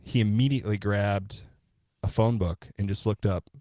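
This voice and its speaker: A man with a very low voice tells a true-crime story casually on a podcast. The sound is dry and close, with no room around it. He co-hosts and sometimes swears. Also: moderate pace, dry recording. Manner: relaxed, profane, retells events step by step. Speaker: podcast co-host.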